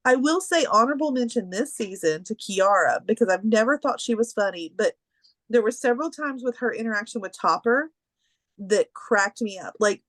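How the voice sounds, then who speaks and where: A woman's voice: a little high, lively intonation, moderate pace, fairly bright tone, no room sound. A woman co-hosting a podcast, chatting casually and rambling through stories. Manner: chatty, rambling, with many fillers. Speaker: podcast co-host. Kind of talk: casual chat.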